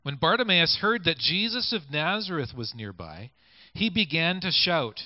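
Man, preacher, conversational sermon, fairly high voice, muffled lo-fi recording. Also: sing-song, normal speed, hardly any pauses, no room sound. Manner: conversational, invites listeners to picture scenes. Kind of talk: sermon with scripture reading. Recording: dull lo-fi recording.

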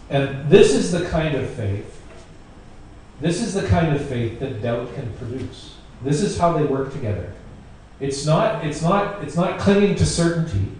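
A man of medium pitch with a darkish tone preaches a conversational sermon, repeating phrases for emphasis; he's a pastor. The audio is very echoey, taken from a distant mic, with faint noise.

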